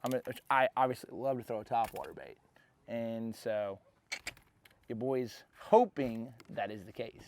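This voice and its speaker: A man's voice: mid-range voice, a little slow, background noise. A young man hosting a fishing vlog, talking casually to the camera in an easygoing, rambling way. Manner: easygoing, rambling, many fillers. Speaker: professional bass angler and vlog host.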